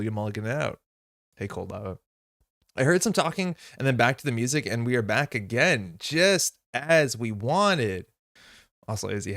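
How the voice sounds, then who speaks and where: A man's voice: mid-range voice, fairly bright tone, dry recording, clean studio sound. A young man chatting casually on a live stream, reading and answering viewers' messages with frequent laughter. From Montreal.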